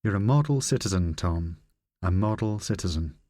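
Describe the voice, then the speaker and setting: Brusque profane spy chief read by a male narrator, low voice, dry close sound. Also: animated, normal speed, warm tone, no room sound.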